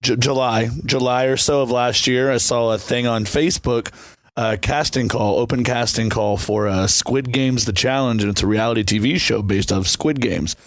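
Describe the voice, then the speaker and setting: A man's voice: medium pitch, fairly even intonation, normal speed, no room sound. A man in his thirties, a podcast guest telling stories in a brash, self-mocking way and laughing often. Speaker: podcast guest, reality show contestant and band member. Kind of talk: casual conversational storytelling.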